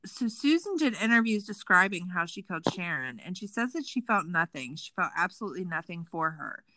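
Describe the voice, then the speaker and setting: She speaks a little fast in a lowish voice, hosting a casual true crime podcast with animated sarcasm and lots of swearing. It's a dry recording with poor audio.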